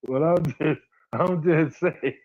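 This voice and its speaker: A man's voice: fairly high pitch, slow, dull audio. A man hosting a casual livestream, talking bluntly, repeating his points and addressing viewers by name. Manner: blunt, repeats himself, talks to chat by name. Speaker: livestream host.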